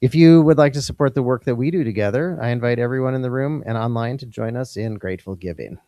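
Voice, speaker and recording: Calm man leading a church offering. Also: medium pitch, fast, dry recording, clean studio sound. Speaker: service leader. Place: church sanctuary.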